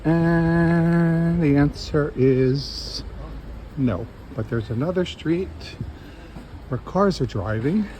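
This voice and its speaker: His voice is a little high and dark in tone, and he draws out his words as he films a casual walking vlog on a seaside city promenade. Thinking aloud, the travel vlogger is captured on poor audio, with street noise and traffic around him.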